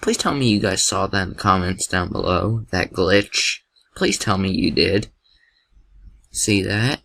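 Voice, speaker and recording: A young man doing excitable, jokey gameplay commentary with a gravelly voice, yelping at scares. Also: low-pitched, measured pace, poor audio.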